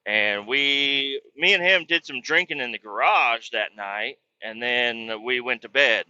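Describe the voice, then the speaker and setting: A man hosting a podcast, telling profane, animated comedic stories about family and old roommates. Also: medium pitch, unhurried, smooth. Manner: profane, animated, mocking retellings. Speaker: podcast host. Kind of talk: comedic storytelling. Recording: dull lo-fi, dry.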